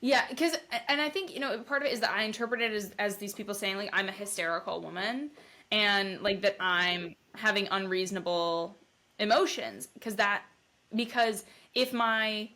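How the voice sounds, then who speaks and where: A woman on a podcast candidly recounting her own experience, animated, acting out quoted asides. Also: mid-range voice, normal speed. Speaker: podcast co-host sharing her recovery story. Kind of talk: casual podcast conversation.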